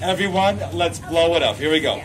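At a kids' birthday party, a female clown jokes and teases playfully, laughing a lot amid a loud crowd of shouting children. She speaks a little fast, with a fairly low pitch and lively intonation, under heavy background noise.

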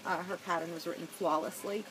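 A woman's voice: on the low side, fairly even intonation, brisk, background noise. A young woman with a Long Island accent co-hosting a casual knitting podcast, chatty and self-mocking. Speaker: podcast co-host. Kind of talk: casual chat.

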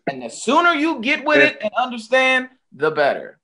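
A man's voice: very high voice, huge pitch swings, moderate pace, crowd noise. A man co-hosting a casual talk show, speaking in a motivational, preachy way. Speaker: co-host. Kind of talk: casual chat.

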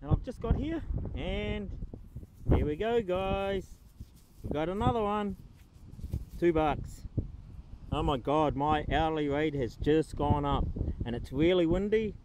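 A man with a New Zealand accent talks to camera while metal detecting in a windy park, keeping it chatty, jokey, upbeat and self-mocking. His fairly high voice is expressive, measured in pace, and broken by frequent pauses. Wind noise fills the outdoor recording.

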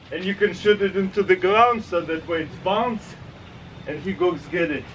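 A man with a Russian accent, vlogging as he tests a dog toy outdoors and calls excitedly to his dog in a sing-song voice. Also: high voice, moderate pace, lo-fi sound, a little hiss or hum. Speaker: vlogger testing a pet toy. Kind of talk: casual vlog. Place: outdoors with dogs.

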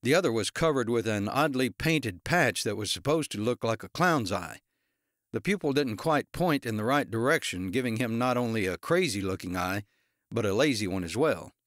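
Male audiobook narrator, even delivery, medium pitch, dry sound. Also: normal speed, dry recording. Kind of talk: scripted narration.

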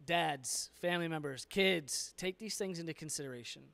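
A man's voice: a little high, normal speed, creaky, pushed and bright. A male pastor talking frankly in a conversational sermon, with fillers and restarts. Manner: plain-spoken and frank, with fillers.

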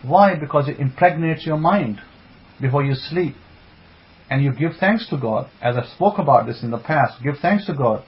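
A man's voice: a little high, lively intonation, normal speed. A man teaching a Bible sermon, emphatic, with rhetorical questions and repeated phrases, greeting online listeners as he goes. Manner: greets online listeners by name mid-talk. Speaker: religious teacher. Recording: dull lo-fi sound.

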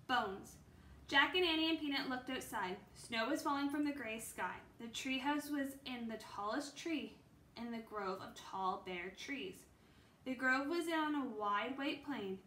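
A woman reads a children's chapter book aloud in a gentle storytelling manner, with the occasional slip and correction. Her voice is bright and a little high. The room is echoey, with faint noise behind her. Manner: gentle storytelling with small slips. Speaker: reader.

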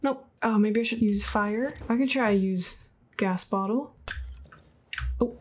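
A woman giving let's play commentary on a game, reacting out loud, swearing and laughing often, and yelping when startled. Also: medium pitch, slow pace, slight background noise. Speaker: gaming video creator.

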